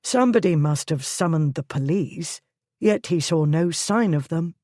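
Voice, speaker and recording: A woman narrating a historical romance audiobook in a steady, measured reading. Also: sits low, dry recording, studio quality. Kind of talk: scripted narration.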